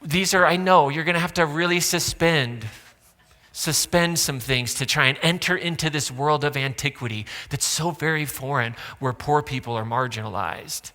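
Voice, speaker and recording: A man preaches to his congregation in a loose, sarcastic, conversational way, voicing the characters in his stories. His voice is bright and a little high. It rings out in a large, reverberant church hall. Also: normal speed. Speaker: pastor. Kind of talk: sermon. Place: church auditorium.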